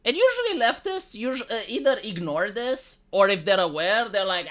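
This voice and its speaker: A sarcastic man rants through his commentary in a high, lively voice that rises and falls a lot. His tone is bright and sharp, and his language is crude. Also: moderate pace, few pauses. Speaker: commentary vlogger. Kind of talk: opinion commentary rant.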